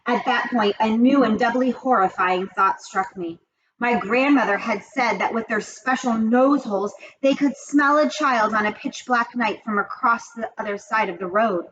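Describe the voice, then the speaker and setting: A woman reading a children's story aloud with expressive, dramatic storytelling. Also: on the high side, normal speed, highs cut off, a little hiss or hum. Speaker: reader of children's books. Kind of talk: storybook read-aloud narration.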